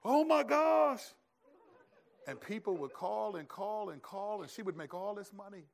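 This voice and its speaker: A pastor preaching a sermon in an animated, conversational storytelling way. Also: male voice, high-pitched, brisk, gravelly.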